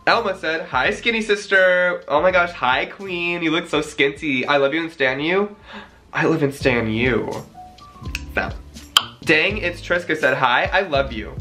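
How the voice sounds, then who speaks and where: Brief: young male vlogger, bright lively voice, gushing and dramatic, faint music under. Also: a little high. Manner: gushing, dramatic, quick gasps and sighs. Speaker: vlogger reading fan messages. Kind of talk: casual chat.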